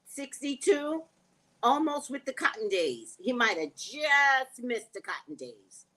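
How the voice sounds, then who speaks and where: A woman's voice: a little high, slow pace. A woman hosting a casual live stream, reading viewer comments aloud and answering them in a blunt, joking way. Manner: blunt, joking, lively, laughs often.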